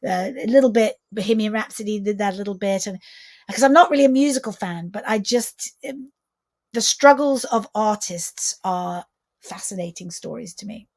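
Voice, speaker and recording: A middle-aged woman, a film director, chatting as a guest on a video call interview in an animated, expressive way, often restarting her sentences. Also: mid-range voice, moderate pace, no room sound, clean studio sound. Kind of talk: casual interview chat.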